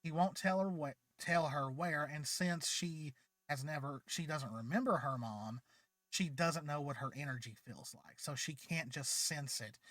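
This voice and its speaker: A man's voice: on the high side, measured pace, fairly bright tone, no room sound. A man with a slightly raised voice retells a story in a loose, rambling way, full of ums and restarts. He sounds tired, and the sound is dry and close. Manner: chatty, rambling, frequent fillers and restarts. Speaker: channel host. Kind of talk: casual spoken retelling of a fan story.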